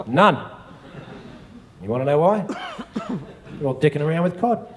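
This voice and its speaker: A man's voice: a little high, expressive, normal speed, noisy background. Swearing Australian man doing stand-up. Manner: profane, rambling storytelling. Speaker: stand-up comedian. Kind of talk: stand-up comedy routine. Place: large exhibition hall stage. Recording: echoey live venue recording.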